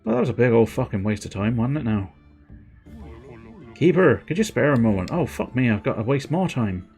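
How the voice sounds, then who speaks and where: A man's voice: medium pitch, very animated, a little fast, a little mellow, soft background music. A young man commenting on his own gaming livestream, making sweary, joking asides. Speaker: streamer.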